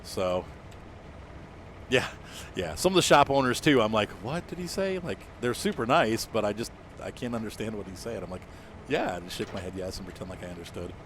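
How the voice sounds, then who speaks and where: Chatty low-voiced American man streaming. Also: brisk, background noise. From United States. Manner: rambling, chatty, frequent fillers and laughs. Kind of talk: casual gameplay chat with viewers.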